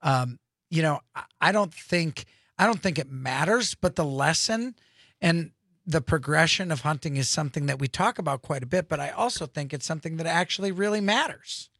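Gravelly jokey radio host in his fifties. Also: fairly high pitch, animated, normal speed, a bit bright, dry recording, studio quality. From Wisconsin. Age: 50s. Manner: jokey, rambling, laughs often. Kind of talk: casual radio chat. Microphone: studio microphone.

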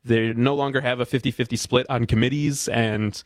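A man's voice: medium pitch, fairly even intonation, brisk, dry recording, studio quality. A man co-hosting a casual radio talk show, affable and newsy in manner. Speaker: co-host.

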